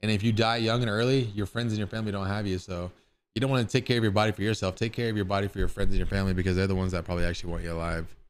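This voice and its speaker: A man's voice: on the low side, fairly even intonation, very fast, slight background noise. A man streaming live, chatting casually with his viewers in a rambling way and swearing now and then.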